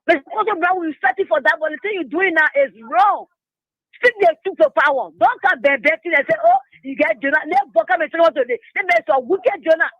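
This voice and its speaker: Fiery woman caller, very high voice. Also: sing-song, brisk, no room sound. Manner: impassioned, preachy, scolding. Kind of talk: call-in rant. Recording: muffled phone line.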